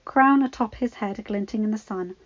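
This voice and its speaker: A woman reading fan fiction aloud in a calm, even storytelling voice. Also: medium pitch, normal speed, muffled recording. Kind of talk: storybook narration.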